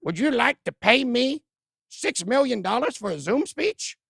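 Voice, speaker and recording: A fawning, whiny older woman official begs for money in a drawn-out, high, gravelly voice, as a man puts her on in a mocking impression. The voice sounds dry and close. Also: sing-song, a bit bright, dry recording, exaggerated voice.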